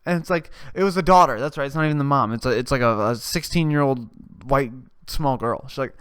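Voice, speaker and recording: A man's voice: mid-range voice, a little fast, clean tone, no echo, studio quality. A man hosting a podcast, retelling a story in a casual, rambling way, swearing and laughing often. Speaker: podcast host.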